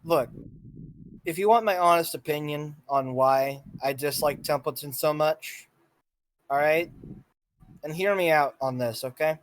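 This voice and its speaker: A man's voice: a little high, measured pace, pauses often, dry recording, low-quality recording. A young man in a heated one-on-one conversation, guarded and hesitant, asking to be heard out. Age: young adult. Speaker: guest in a confrontation.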